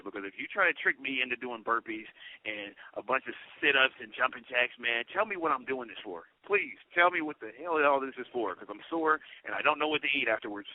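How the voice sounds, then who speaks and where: A man, an incarcerated comedian calling in as a guest, telling stories in an animated way and saying "you know" a lot. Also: mid-range voice, no room sound. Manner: animated storyteller, peppers talk with "you know". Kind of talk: storytelling comedy chat. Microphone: prison phone call. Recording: tinny phone line.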